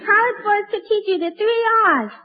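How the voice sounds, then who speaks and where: A woman's voice: very high voice, expressive, moderate pace. A woman guest in a scripted radio comedy, brassy and wisecracking with a man-crazy comic persona. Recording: tinny old radio broadcast.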